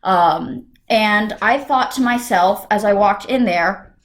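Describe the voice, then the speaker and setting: A young woman from the United States telling a casual storytime vlog at home, animated and quick to burst into sudden shouts. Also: medium pitch. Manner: animated, breaks into sudden loud shouts and whispers. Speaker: vlogger. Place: home room.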